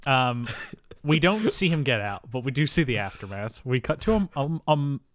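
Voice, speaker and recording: A man's voice: medium pitch, sing-song, moderate pace. Rambling young man recapping a movie. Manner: rambling, filler-heavy retelling with laughs. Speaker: podcast co-host. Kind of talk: casual movie recap chat.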